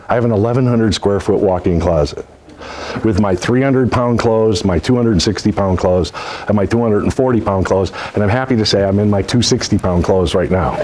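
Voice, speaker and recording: A man's voice: lowish voice, rough recording. A man giving a motivational sales seminar to a live audience, telling folksy stories with jokes. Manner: folksy, joking, animated storytelling. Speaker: sales trainer.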